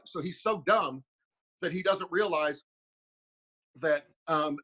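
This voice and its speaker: A man's voice: a little high, brisk, pushed and bright, lo-fi sound. A former heavyweight fighter, a man, rambling through a story with lots of fillers on a casual podcast.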